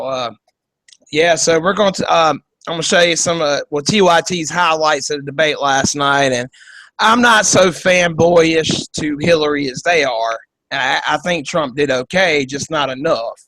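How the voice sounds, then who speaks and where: High-voiced profane joking podcast host. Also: male voice, a bit bright, no echo, low-quality recording. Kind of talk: casual political commentary. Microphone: video call.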